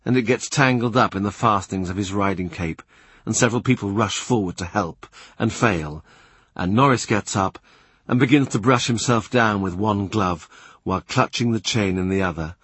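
A man reading a literary novel aloud in a measured, understated way. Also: lowish voice, a bit bright, breathy edge, dry recording. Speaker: audiobook narrator. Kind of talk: scripted literary narration.

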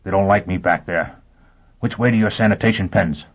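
A man's voice: deep voice, fairly quick. A man voicing a desperate, brutal male escapee who talks bluntly and urgently. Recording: tinny lo-fi phone-like audio.

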